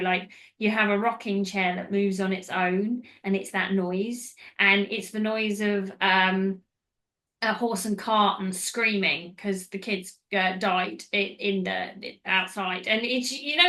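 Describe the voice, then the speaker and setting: A woman's voice: medium pitch, bright, forceful tone. A woman hosting a podcast, recapping a film in casual, rambling chat that goes off on tangents. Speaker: podcast host.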